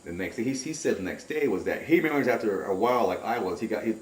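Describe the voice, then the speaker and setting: A man's voice: on the low side, quick pace. Man telling a story in an echoey room. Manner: rambling, excitable storyteller who acts out remembered shouts. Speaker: interviewee recounting a camping trip. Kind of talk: casual spoken recollection. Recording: roomy, distant home recording.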